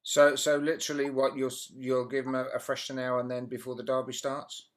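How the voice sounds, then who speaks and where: Mid-pitched male interviewer, chatty, leans on tag questions. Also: level tone, fairly quick. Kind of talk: casual interview.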